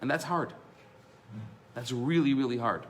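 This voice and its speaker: A man teaching a live class as a rabbi, telling stories with lively acted-out voices. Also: mid-range voice, measured pace, a little hiss or hum. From Canada. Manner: animated storyteller, acts out voices in his tales. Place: synagogue classroom.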